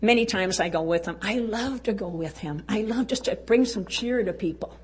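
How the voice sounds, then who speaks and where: Addressing a women's conference, a woman tells folksy stories to the live audience and chuckles often. Her voice is medium in pitch with a breathy edge, and she speaks at a normal speed.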